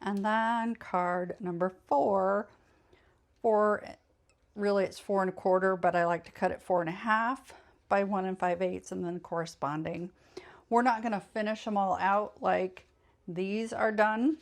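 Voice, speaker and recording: A woman's voice: mid-range voice, fairly even intonation, unhurried. A woman hosting a casual craft tutorial, chatty and meandering, often correcting herself mid-sentence and sounding a bit tired. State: tired, yawning late in the evening. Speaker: craft channel host.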